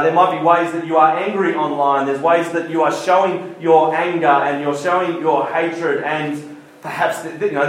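Aussie guy giving a chatty youth sermon, kinda high voice, roomy echo. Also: slight background noise. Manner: lively, jokey, asks the room questions. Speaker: youth speaker. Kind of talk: casual church talk to a crowd. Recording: echoey hall.

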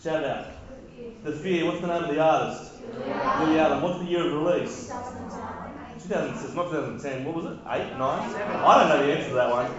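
Joking youth pastor in an echoey hall. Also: male voice, on the high side, a little fast, muffled recording, crowd noise. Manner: conversational, joking with the audience. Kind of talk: sermon to teenagers.

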